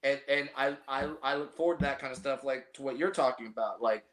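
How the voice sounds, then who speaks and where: A man's voice: mid-range voice, brisk, a bit bright. Rambling, self-deprecating podcast host man. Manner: rambling and self-deprecating, many restarts and swearing. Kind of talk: casual podcast chat.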